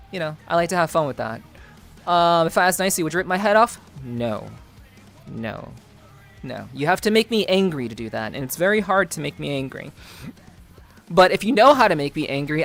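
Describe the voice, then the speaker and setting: A woman's voice: sits low, very animated, fairly quick, soft background music. Chatty woman streamer greeting her chat. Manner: chatty, greets chat by name, laughs often, repeats phrases. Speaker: VTuber streamer. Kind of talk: casual live-stream chat.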